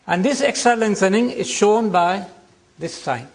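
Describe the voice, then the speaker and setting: An older man teaching a classroom lecture, explaining slowly and deliberately and drawing out example words. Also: sits high, animated.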